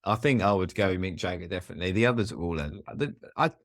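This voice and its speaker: A man's voice: sits low, lively intonation, fast, dry recording, studio quality. A man co-hosting a casual film podcast, easygoing, often agreeing and chuckling. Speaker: podcast co-host.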